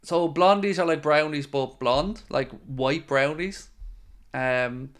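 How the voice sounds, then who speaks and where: Chatty man with a smooth voice. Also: fairly high pitch, takes it slowly, fairly bright tone. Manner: chatty and friendly, with frequent fillers. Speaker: fan channel host. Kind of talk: casual live-stream chat reading viewer comments.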